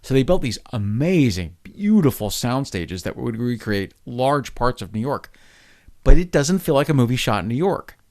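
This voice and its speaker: A man talking film on a podcast in an easy, conversational way. His voice sits at an ordinary middle pitch. He is articulate and often speeds up into quick bursts. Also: sing-song, darkish tone. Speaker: podcast co-host. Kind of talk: casual film discussion.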